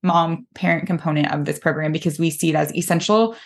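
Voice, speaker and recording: A woman coach hosting a podcast interview, warmly affirming and enthusiastic toward her guest. Her voice sits on the lower side for a woman. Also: quick pace, gravelly. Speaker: host, mental performance coach.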